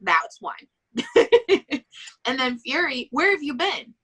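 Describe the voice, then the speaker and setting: A woman with a bright, fairly high voice co-hosts a casual book club chat. She rants emphatically and swears often. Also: very animated, slow, husky. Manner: emphatic ranting with frequent swearing.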